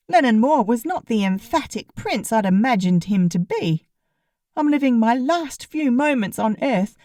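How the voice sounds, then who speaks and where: A woman's voice: a little high, warm tone, no echo, studio quality. A woman narrating a comic novel in the first person, in a wry, sarcastic way. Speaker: audiobook narrator.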